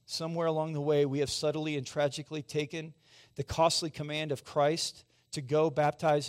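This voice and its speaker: A pastor in his forties delivers a sermon in a conversational, down-to-earth way. He keeps turning to the congregation with questions. His speaking voice sits a little higher than most men's. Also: a little mellow. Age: 40s. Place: church sanctuary.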